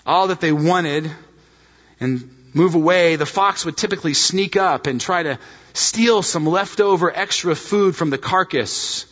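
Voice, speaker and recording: A man preaching a sermon, animated and emphatic, speaking directly to his congregation. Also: high voice, long reverb tail, dull audio. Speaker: pastor.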